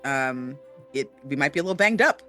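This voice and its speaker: Bright-voiced man co-hosting a chat. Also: medium pitch, animated, a little fast, soft background music. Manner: earnest, many fillers, warm shout-outs. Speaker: co-host. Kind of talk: casual chat.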